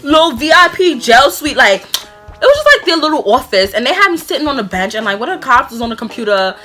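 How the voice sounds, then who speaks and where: Bright-voiced young woman telling a story. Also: high-pitched, fast talker, faint music behind. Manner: animated, rambling retelling full of fillers and laughs. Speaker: vlogger. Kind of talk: casual storytime vlog.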